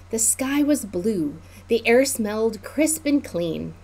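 A woman children's librarian leading a preschool storytime, reading a picture book aloud. Her voice is high and swoops up and down in a sing-song, teacherly way, and she speaks slowly and clearly for little listeners. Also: lively intonation, mellow.

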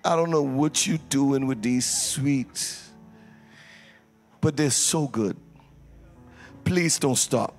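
A man's voice: medium pitch, takes it slowly, pauses often, faint music behind. A man leading a church service as pastor, with announcements and prayer, teasing the congregation and calling for responses. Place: church sanctuary.

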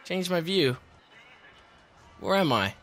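A young man doing loud, excitable let's play commentary, swearing and laughing often. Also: high voice, slow. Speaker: gaming video host.

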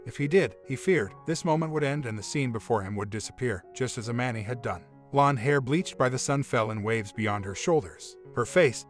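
A man reading a relationship story aloud, voicing every part in one steady voice. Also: mid-range voice. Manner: reads all parts in one even voice. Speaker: story narrator. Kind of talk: scripted narration of a relationship story. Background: faint music.

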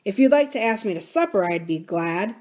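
A man's voice: sits high, lively intonation, a little fast. Woman reading as a musing old farmer. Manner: musing, gently philosophical.

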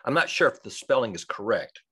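An older man in a casual group discussion, telling wry stories in a lively, animated way. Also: mid-range voice, fairly quick. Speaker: study group participant.

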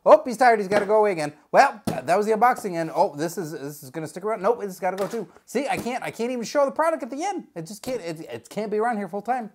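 Goofy high-voiced man, very lively. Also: fast talker, few pauses. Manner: goofy, jokey, rambling. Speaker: unboxing video host. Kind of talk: casual comedic unboxing chat.

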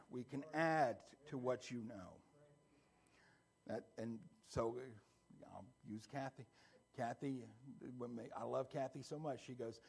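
A man pastor preaching a conversational sermon that builds into a loud, fervent closing prayer. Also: medium pitch, gravelly, slightly rough. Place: church sanctuary.

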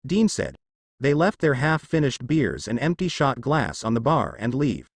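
Lively male fan fiction narrator. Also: mid-range voice, moderate pace, breathy edge, no echo, clean studio sound. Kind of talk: story narration.

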